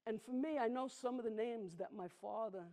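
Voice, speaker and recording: A woman, performing a personal storytelling monologue on a theatre stage, intimate and emphatic, slowing down on heavy moments. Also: a little high, mellow. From the Bronx, New York. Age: 60s. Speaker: solo performer.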